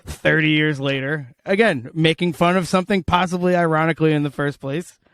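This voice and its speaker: A man's voice: on the high side, brisk, a bit bright, clean tone. A man co-hosting a casual comedy podcast, rambling and joking with a slight lisp and plenty of swearing. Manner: rambling, jokey, swears freely. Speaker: podcast co-host.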